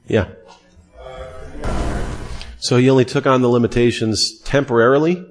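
A man's voice: medium pitch, moderate pace, faint music behind. Man teaching theology with pointed questions. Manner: questioning, repeats key terms for emphasis. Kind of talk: classroom lecture with questions.

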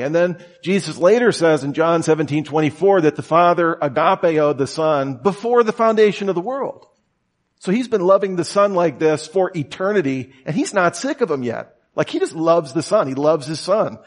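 A man's voice: animated, moderate pace. A man preaching a conversational sermon, telling stories casually with lots of fillers and acting out quotes. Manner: casual and storytelling, many "you know" and "like" fillers; acts out quoted voices with sudden high shouts. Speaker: pastor.

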